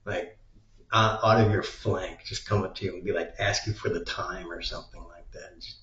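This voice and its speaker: A man's voice: low-pitched, fairly even intonation, normal speed, a bit bright. A man rambling in a crude, meandering monologue, swearing often. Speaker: vlogger. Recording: roomy, dull lo-fi sound.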